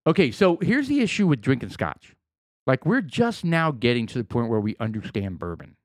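A man's voice: medium pitch, very animated, moderate pace, no room sound, studio quality. A man co-hosting a podcast in casual chat, teasing and egging on the storyteller. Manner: playful, teasing interjections. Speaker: podcast co-host.

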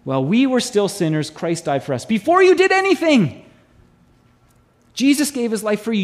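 Lively high-voiced male pastor preaching. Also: normal speed, soft background music. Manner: animated preaching, acts out voices in quotes. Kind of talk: sermon.

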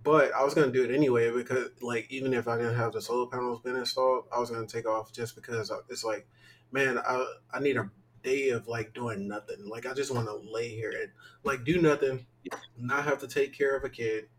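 A man's voice: mid-range voice, steady tone, a little fast, slight background noise, poor audio. A young man co-hosting a casual podcast, sounding tired as he rambles candidly, with lots of fillers. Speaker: podcast co-host.

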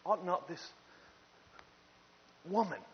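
A man playing Jesus as an angry grown man who rebukes hypocrites, reading scripture in a slow, drawn-out and impassioned way. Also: sits high, highs cut off, slight background noise, voice pushed down. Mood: rebuking.

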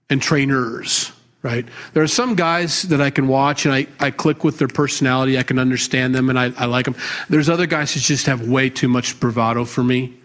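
A middle-aged man, a pastor, teaching a conversational sermon in a plainspoken, candid way, with asides and self-deprecating humor. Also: mid-range voice. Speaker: pastor teaching a Bible study.

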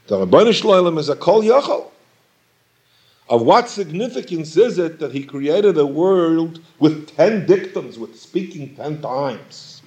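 Male Torah teacher, lively emphatic delivery, slightly higher voice, questioning tone. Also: measured pace. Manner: questioning, emphatic, repeats phrases for stress. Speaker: rabbi teaching Talmud. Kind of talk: Torah lecture.

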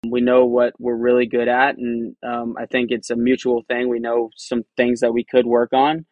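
Laid-back caddy man, flat delivery. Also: mid-range voice, normal speed, dry recording, narrow, tinny audio. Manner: relaxed, conversational, says "man" and "you know" often. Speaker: tour caddy, podcast guest. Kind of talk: casual interview answers.

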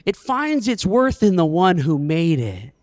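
A man's voice: high voice, big pitch swings, measured pace. Sweet old bank-teller lady, as a preacher puts her on. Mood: gentle. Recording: echoey church hall.

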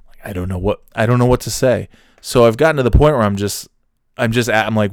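A middle-aged man telling a casual, wry story, with many fillers and restarts, animated when quoting people. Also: on the low side, fairly quick, dry recording, clean studio sound.

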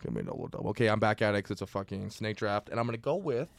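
A man's voice: lowish voice, fast, dry recording, clean studio sound. A man in his twenties from Saskatchewan, Canada, hosting a podcast in loose joking chat and swearing a lot. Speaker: podcast host. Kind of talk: casual chat.

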